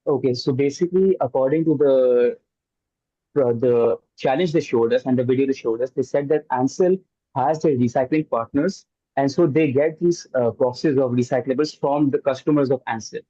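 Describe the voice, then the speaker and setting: A man's voice: medium pitch, moderate pace, dark tone, no echo, lo-fi sound. A man on a hackathon team answering judges' questions at length, with frequent fillers. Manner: explains at length with many uh fillers. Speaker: hackathon team member pitching.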